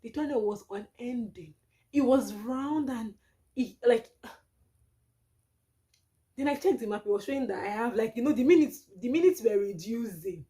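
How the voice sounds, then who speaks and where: A young Nigerian woman vlogger with a Nigerian accent tells a dramatic storytime, animated and full of exclamations. Her voice is on the high side, at normal speed with frequent pauses.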